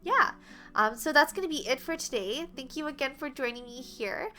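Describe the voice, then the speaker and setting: Bright-voiced woman teaching flute. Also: high-pitched, animated, normal speed, soft background music. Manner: patient, explains step by step, counts beats aloud. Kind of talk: online music lesson.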